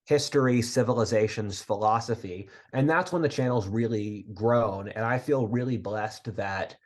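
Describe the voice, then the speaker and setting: A young man in his twenties, from the area outside Philadelphia, speaks as a podcast guest. His voice sits fairly low, and he talks earnestly, drifting into long, rambling tangents. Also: moderate pace. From area outside Philadelphia, USA. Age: 20s. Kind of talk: casual interview talk.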